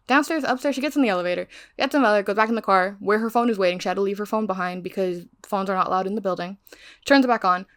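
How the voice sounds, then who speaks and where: A woman giving a casual, rambling recap of a crime novel she is reading, going off on tangents and swearing freely. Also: medium pitch. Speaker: book reviewer.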